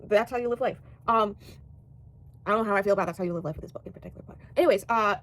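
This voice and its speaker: A woman's voice: medium pitch, very fast. A young American woman chatting casually about books, rambling with lots of fillers and casual swearing. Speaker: book vlogger. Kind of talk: casual book chat.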